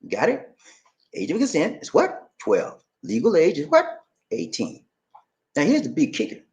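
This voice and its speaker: A man's voice: on the high side, darkish tone. A man hosting a casual vlog, chatty and repetitive as he quizzes viewers. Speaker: channel host.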